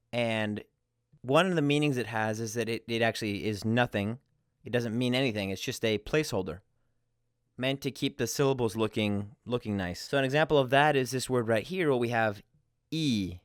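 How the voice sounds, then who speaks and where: Smooth-voiced man teaching a lesson. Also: medium pitch, no room sound, clean studio sound. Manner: friendly, explains step by step with examples. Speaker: language teacher. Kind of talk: casual explanatory lesson.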